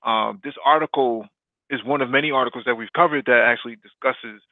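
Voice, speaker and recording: A man's voice: medium pitch, brisk, no room sound. A man co-hosting a casual podcast about economics and technology, explaining at length with many fillers and restarts. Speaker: podcast co-host. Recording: dry tinny phone-like line.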